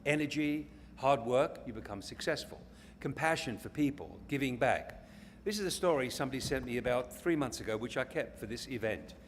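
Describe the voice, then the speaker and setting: A man with an English accent giving a rambling story speech to an audience at a company event, stumbling and restarting now and then. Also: mid-range voice. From England. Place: large event hall. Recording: echoey hall with faint noise.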